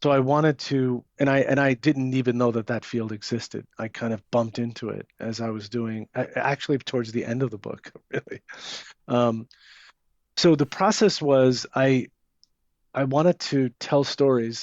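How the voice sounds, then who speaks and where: A man's voice: medium pitch, fairly even intonation, moderate pace, darkish tone, no echo. A man, an author giving an interview, talking casually and hesitantly with many fillers and restarts. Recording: dull lo-fi sound.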